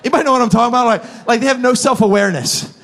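A man, animated and self-mocking as he acts out funny stories. He breaks into shouts and laughs while addressing a live congregation in a church auditorium. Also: extremely high pitch, racing. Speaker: pastor. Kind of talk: humorous sermon storytelling.

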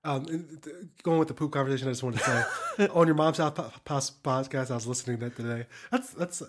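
A man's voice: medium pitch, fast talker. A man co-hosting a podcast, chatting casually, rambling and laughing through his stories. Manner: giggly, rambling, animated. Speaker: podcast co-host. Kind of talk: casual chat.

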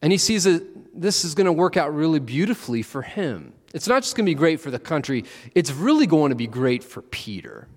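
A man's voice: on the high side, big pitch swings, a little fast, few pauses, darkish tone, big-room sound. A man preaching a conversational sermon, acting out the disciples with playful asides.

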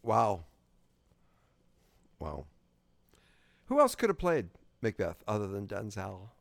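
A man co-hosting a podcast in casual movie chat, animated and quick with interjections and repeated words. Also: fairly low pitch, creaky, no echo. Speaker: podcast co-host.

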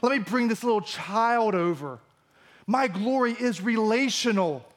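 A man's voice: high-pitched, unhurried. A male pastor preaching a sermon in a church, acting out the disciples' lines as he goes. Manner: animated, acts out the disciples' lines.

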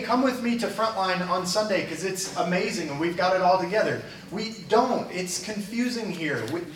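A man's voice: sits high, a bit bright, recorded from a distance, slight background noise. Earnest man preaching in a roomy church. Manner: earnest, conversational, plain-spoken. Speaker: pastor. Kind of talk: sermon. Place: church sanctuary.

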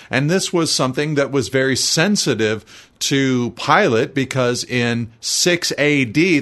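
A man delivers an expository sermon, reading scripture aloud and explaining it in a measured, teaching manner. His voice is medium in pitch and a bit bright.

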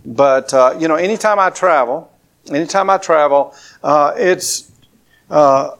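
Southern male pastor, gravelly, slightly higher pitch, conversational sermon with homespun asides. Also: measured pace, fairly bright tone. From southern Alabama. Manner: conversational preaching with folksy asides and rising emphasis.

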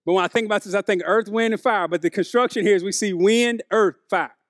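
A man's voice: high voice, fast, no echo, clean studio sound. A man, preaching a conversational sermon to his congregation. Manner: conversational preaching, animated, addresses congregation as y'all. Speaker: pastor.

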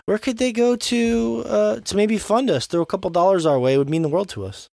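A young adult man co-hosting a podcast, telling a story in an animated, casual way and swearing now and then. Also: sits high, a little fast, gravelly, no room sound, clean studio sound. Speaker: podcast co-host. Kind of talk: casual chat.

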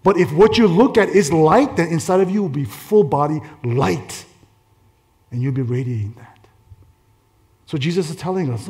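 A male pastor preaching a conversational sermon, telling stories in an animated way and laughing through them. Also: on the high side, normal speed, long pauses. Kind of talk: storytelling sermon.

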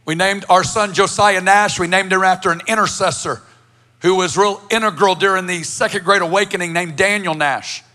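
A man's voice: high-pitched, fairly even intonation, normal speed, pushed and bright. A man preaching a sermon through a personal story, speaking emphatically and building to passionate lists.

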